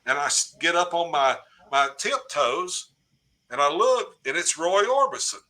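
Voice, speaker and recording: Bright-voiced older storyteller man. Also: a little high, measured pace. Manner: lively storyteller who acts out quoted dialogue. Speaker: guest storyteller. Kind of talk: casual anecdote telling on a podcast.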